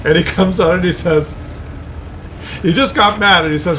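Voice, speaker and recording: A Canadian gameplay commentator rambles and chuckles through a story while a game replay plays, doing mock voices for other people. His voice is high-pitched and a bit bright, with a moderate pace and frequent pauses. The recording is rough, with a little hiss or hum.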